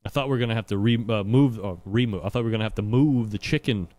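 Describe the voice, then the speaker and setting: A man's voice: fairly low pitch, rapid-fire, a little mellow. A man hosting a live call-in show from his home studio, joking and rambling with lots of "uh"s. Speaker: talk show host. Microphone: studio microphone.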